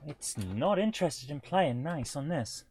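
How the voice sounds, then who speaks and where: A man's voice: on the high side, animated, unhurried, a little mellow, slight background noise. A man in his forties hosts a live retro gaming show, chatting casually in a rambling, self-deprecating way with chuckles. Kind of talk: casual livestream chat.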